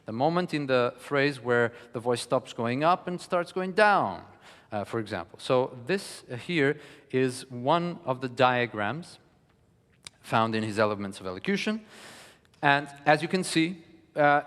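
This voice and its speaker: Measured male lecturer in a reverberant hall. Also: mid-range voice, animated, a bit bright, clean tone. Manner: measured, thoughtful, with frequent pauses. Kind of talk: teaching a music lecture. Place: studio hall. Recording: long reverb of a studio hall.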